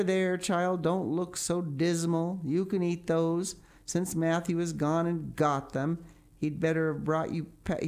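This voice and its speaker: Woman doing a stern, brisk older guardian. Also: low voice, a little mellow. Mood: scolding. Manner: brisk, scolding, dry.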